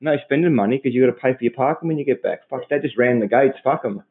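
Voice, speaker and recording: A man's voice: medium pitch, fast talker. An Australian man ranting crudely and swearing bluntly in casual chat, rambling as he talks. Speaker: podcast co-host. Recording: tinny phone-like audio.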